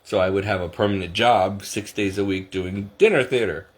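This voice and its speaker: A middle-aged man talks in a relaxed, meandering way, poking fun at himself and breaking into laughs. His voice sits a little low. It sounds like an easygoing vlog chat. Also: normal speed. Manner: rambling, self-deprecating, laughs often. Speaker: vlogger. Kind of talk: casual chat to camera.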